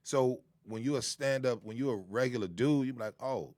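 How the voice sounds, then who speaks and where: A man's voice: medium pitch, fairly quick, darkish tone, no room sound. A man who is a stand-up comedian, a guest making his points with emphatic repetitions in casual talk. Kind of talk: casual podcast banter.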